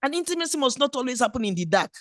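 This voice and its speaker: A woman's voice: high voice, sing-song, rapid-fire, fairly bright tone, no echo, studio quality. A middle-aged woman, preaching a sermon in a playful, exhorting way. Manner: playful, exhorting preacher who acts out little scenes. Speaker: pastor.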